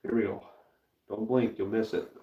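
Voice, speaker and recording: A man's voice: on the low side, steady tone, normal speed, mellow, lo-fi sound, slight background noise. A man casually chatting with his live-stream viewers while he works, laid-back and chatty. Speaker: livestream host pouring metal.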